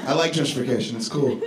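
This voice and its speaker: A man from Chicago doing a stand-up comedy set on a club stage, with a laid-back, deadpan delivery and profane asides. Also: fairly high pitch. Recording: echoey club with crowd noise.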